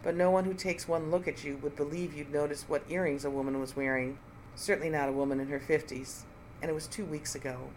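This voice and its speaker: A reader voicing a composed female professor in her fifties who speaks flatly and coldly. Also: mid-range voice, a little fast, slight background noise, natural voice, low-quality recording. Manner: flat, calm and cold.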